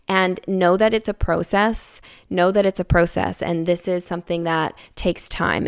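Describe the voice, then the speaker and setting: A woman's voice: lowish voice, vocal fry, clear, resonant tone. A young woman hosting a podcast, talking candidly and reflectively about her own healing, full of "like" and "you know". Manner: confiding and reflective, many fillers like "like" and "you know". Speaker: podcast host. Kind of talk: candid personal self-help talk.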